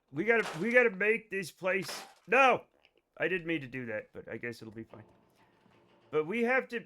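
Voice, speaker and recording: Game streamer, young man, bright high voice, bantering with chat, keyboard clicks behind. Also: a little hiss or hum. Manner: excitable, bantering with chat, sudden outbursts. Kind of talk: casual live gameplay commentary.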